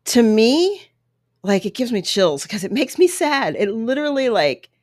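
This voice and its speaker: A woman's voice: on the high side, very animated, unhurried, darkish tone, dry recording. An earnest woman talks her viewers through a clip, taking her time and swinging her voice up and down as she makes each point. She sounds emotional and a little apologetic, recorded dry and close with no room sound. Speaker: video commentator. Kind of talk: reaction commentary on a clip. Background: baby making noises.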